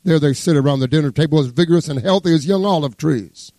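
A man preaching a sermon as pastor, fervent, swinging between loud exclamations and hushed asides as he reads scripture. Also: a little high, fast, dry recording. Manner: exclaims praise words, reads scripture aloud.

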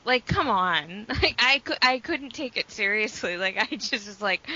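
A woman talks in a casual chat with a bright, forceful tone. She is enthusiastic and quick to laugh. The sound is dull and lo-fi. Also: mid-range voice, lively intonation. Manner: enthusiastic, laughs easily, filler-heavy.

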